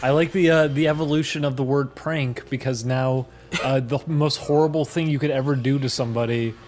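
A man's voice: mid-range voice, steady tone, brisk, a little mellow. A man in a casual chat who asks questions and drops odd facts in a dry way. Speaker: podcast regular.

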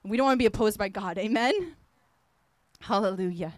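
A woman's voice: medium pitch, animated, normal speed, dry recording. A woman apostle preaching a sermon, fervent and emphatic, repeating phrases as she exhorts her listeners.

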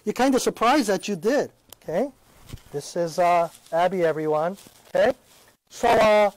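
High-voiced man teaching Bible live. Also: animated, moderate pace. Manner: conversational preaching, frequent "okay?" checks. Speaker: Christian teacher.

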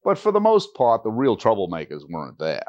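Older man, animated pitch, retired teacher. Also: brisk, highs cut off. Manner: animated storyteller who acts out quoted voices. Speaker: retired teacher being interviewed. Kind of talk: oral history interview.

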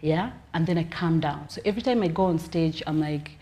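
A young Kenyan woman, a comedian, telling stories in a casual interview with a lively, laughing manner. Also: low voice, fairly quick. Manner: lively storytelling, laughing often. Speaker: comedian guest.

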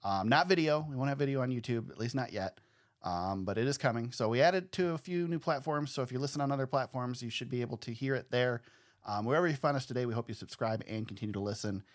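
A man hosting a podcast in casual chat, easygoing and quick to laugh. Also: medium pitch. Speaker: podcast host.

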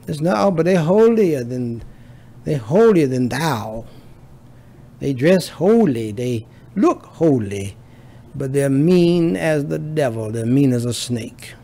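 A man's voice: mid-range voice, lively intonation, slow pace, gravelly, dark tone. A man preaching a sermon as pastor, building emphasis through repetition.

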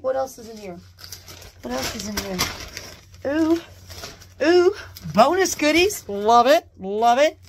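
A woman chatting casually as she unboxes a new purse, gushing with excited exclamations. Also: fairly high pitch. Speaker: unboxing vlogger. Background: paper crinkling.

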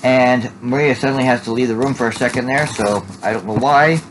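A man's voice: mid-range voice, steady tone, fairly quick, noisy background. A man casually narrating an unboxing at home, rambling and tacking "there" onto his sentences. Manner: rambling, repeats "there" and restarts often. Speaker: Funko collector vlogger.

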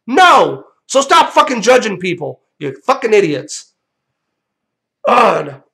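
A man's voice: sits high, sing-song, unhurried, gravelly, pushed and bright. A young man hosting a vlog, delivering a profane, combative rant straight to viewers. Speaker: channel host.

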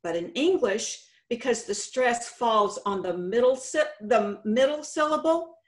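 A woman with a Texan accent giving a conference presentation with slides, explaining slowly and deliberately, stretching out example words. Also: a little high, animated. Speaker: state contest director presenting. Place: conference session room.

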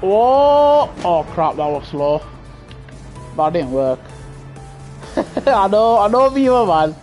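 A man streaming a racing game, talking casually to his chat, reacting loudly to the race and joking with viewers in slang. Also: on the high side, big pitch swings, slow pace, soft background music. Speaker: live-streaming sim racing gamer. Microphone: gaming headset.

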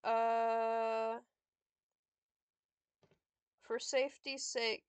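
A woman's voice: a little high, little pitch movement, drawn-out words, smooth, dry recording. A young woman casually commentating her own board game play, frustrated, swearing and talking to herself. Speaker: streamer playing a board game.

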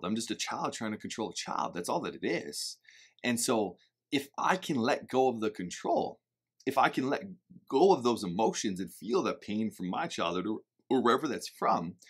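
A man giving a casual, candid talk to camera about parenting, animated and swinging to loud emphatic bursts, swearing now and then. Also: fairly low pitch, breathy edge. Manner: occasional swearing. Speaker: parenting vlogger.

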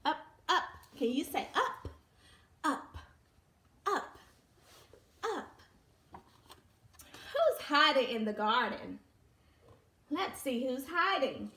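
A woman's voice: high voice, very animated, drawn-out words, long pauses, bright, forceful tone, roomy sound. A woman preschool teacher reading a picture book aloud to young children, sing-song and exaggerated, coaxing them to join in. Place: room at home.

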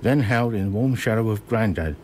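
A man in his sixties from Kent, reading his own memoir slowly and measuredly in a radio studio. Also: lowish voice, darkish tone, slight background noise.

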